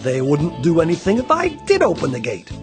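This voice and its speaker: A man's voice: fairly high pitch, wildly swooping pitch, a little fast, over music, voice pushed up. A man doing a stubborn, bossy little farm girl. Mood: insistent. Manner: bossy, exclaiming.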